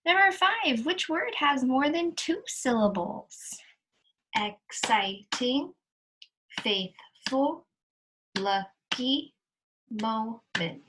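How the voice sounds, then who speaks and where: A woman's voice: high voice, expressive, noisy background. A woman teacher patiently walking students through their worksheet answers step by step, recorded while sharing her screen. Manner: slow, patient, explaining step by step. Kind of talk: recorded lesson walkthrough. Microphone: screen-share recording.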